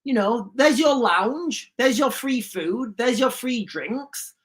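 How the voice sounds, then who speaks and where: A fawning ferry operator with exaggerated politeness, as a woman mimics him. The voice leans a little higher and slows down as he lists off his offers. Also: animated. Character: overly obliging male ferry operator.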